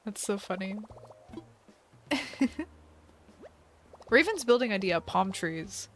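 A woman's voice: mid-range voice, sing-song, takes it slowly, a bit bright, faint music behind. A young woman hosting a casual live stream while playing a game, giggly and chatty, reading chat aloud. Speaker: livestream host.

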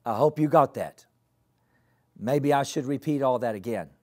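A male pastor preaching a sermon, deliberately repeating key phrases for emphasis and leading the congregation to repeat after him. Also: medium pitch. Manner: leads the congregation in call-and-response.

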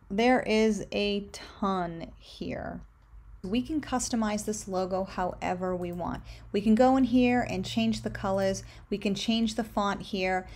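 A woman's voice: mid-range voice, darkish tone. A young woman talking casually as she clicks through design tools in a tutorial, upbeat and full of recommendations. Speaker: candle brand owner. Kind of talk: screen-share tutorial.

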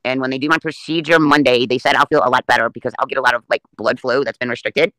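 A man's voice: mid-range voice, steady tone, fast, pushed and bright, no echo, poor audio. A man rambling through stories in casual livestream chat. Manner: rambling, chatty storyteller. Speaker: livestream guest.

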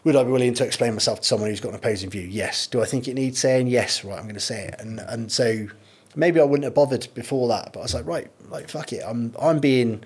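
A man's voice: medium pitch, fast, breathy edge. A man, a podcast guest, talking candidly in casual chat with many restarts and storytelling. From United Kingdom.

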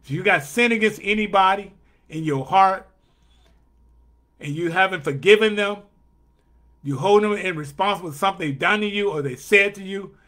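A male pastor preaching a sermon with an emphatic, repetitive cadence, slowing down to stress key phrases. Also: sits high, sharp tone.

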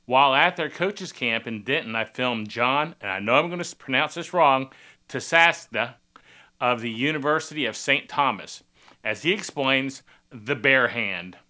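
Man, show host, bright forceful voice, chatty promotional delivery. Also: mid-range voice, expressive, normal speed. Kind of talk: scripted show intro and outro.

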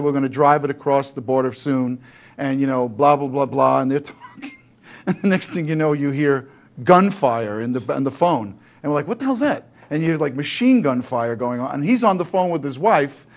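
A man telling a rambling anecdote as a game show contestant, hesitant and laughing. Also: on the high side. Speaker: celebrity contestant.

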